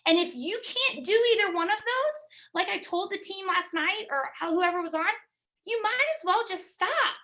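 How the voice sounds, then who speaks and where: A woman's voice: extremely high pitch, expressive, normal speed, pushed and bright. A woman giving an emphatic motivational talk to her team over a video call, driving home her points with repetition. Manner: emphatic, driving, repeats key words.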